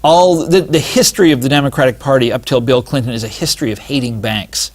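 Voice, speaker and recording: A man talking as an author and interview guest, animated and digressive, with many asides and restarts. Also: medium pitch, fast. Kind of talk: casual interview talk.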